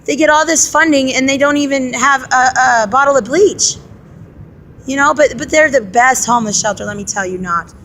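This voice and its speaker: A young adult woman vlogging in a casual monologue, telling a story in an exasperated, animated way and speaking straight to her viewers. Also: sits high, moderate pace, slight background noise.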